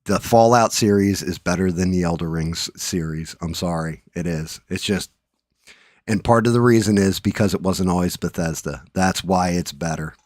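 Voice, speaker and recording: Middle-aged male streamer, deep voice, loose profane banter, dead-dry sound. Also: normal speed, darkish tone, no room sound. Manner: profane, rambling, joking. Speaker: livestream host. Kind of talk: casual live-stream chat.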